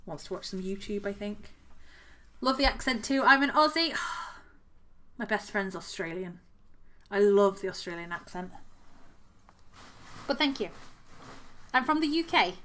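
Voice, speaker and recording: Bright, chatty southern English woman. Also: medium pitch, lively intonation, a little slow, pauses often. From southern England. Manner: chatty, giggly, talks to her cat and reads chat aloud. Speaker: craft streamer. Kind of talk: casual live-stream chat while crocheting.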